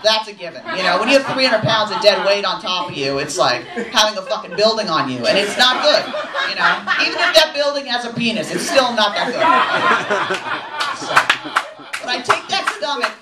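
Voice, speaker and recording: A woman in her forties doing a brash, profane, self-mocking stand-up set on a comedy club stage. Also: mid-range voice. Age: 40s. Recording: echoey club mic from a distance, audience laughter. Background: crowd laughing.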